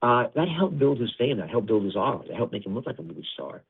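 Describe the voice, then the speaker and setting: A middle-aged male producer, a guest on an interview, telling stories in a blunt, animated way and swearing freely. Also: medium pitch, quick pace, vocal fry, husky. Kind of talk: candid interview storytelling. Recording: tinny phone-like audio.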